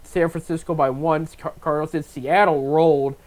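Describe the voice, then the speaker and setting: A man in his thirties hosts a relaxed sports talk segment, reading out game times and picks. His voice sits a little high for a man, and he stumbles, restarts and drops "there you go" as a filler. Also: moderate pace. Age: 30s. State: talking with a stuffed face. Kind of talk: casual sports picks chat.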